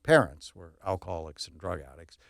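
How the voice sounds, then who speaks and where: Man, child psychiatrist guest on a podcast; low, dry voice; earnest, emphatic explainer. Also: sing-song, brisk, vocal fry, no echo. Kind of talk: podcast interview.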